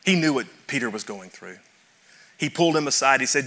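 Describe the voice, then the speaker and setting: A man's voice: mid-range voice, expressive, brisk, bright, forceful tone. A man preaching a sermon as pastor, telling a story to his congregation and building to fervent emphasis. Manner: addresses audience directly.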